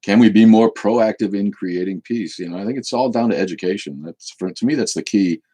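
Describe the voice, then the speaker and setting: A man's voice: fairly low pitch, brisk, mellow, slightly rough. A man in his fifties hosting a live question-and-answer stream, talking bluntly and with profanity about his views. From United States. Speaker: show host.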